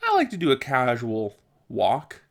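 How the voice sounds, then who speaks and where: A man's voice: mid-range voice, huge pitch swings, unhurried. A young man talks straight to his audience in a loose, rambling vlog style. His voice sits in an ordinary middle register, and he swears offhandedly. He keeps cracking himself up as he tells his stories. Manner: chatty, laughs a lot, swears casually. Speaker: vlogger. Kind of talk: casual storytelling monologue.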